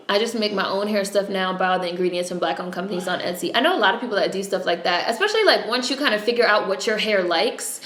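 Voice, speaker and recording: A woman's voice: medium pitch, fast, hardly any pauses, fairly bright tone, a little hiss or hum. Blunt, profane woman with a New York accent. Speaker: livestream host. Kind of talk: casual live-stream chat. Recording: echoey room.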